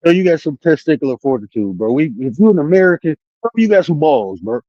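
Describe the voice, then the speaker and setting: A man's voice: a little high, sing-song, a little fast, mellow, no room sound, lo-fi sound. A man ranting on his own livestream, taunting the chat with profanity and challenging viewers to join the call. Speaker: streamer and life coach. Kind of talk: casual livestream rant. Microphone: streaming setup mic.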